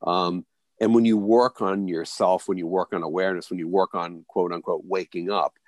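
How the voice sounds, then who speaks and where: A man with a very low voice tells a reflective personal story as an interview guest. He talks haltingly, restarting phrases and adding fillers as he goes. The sound is dry and close. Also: steady tone, no room sound. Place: near a big US city.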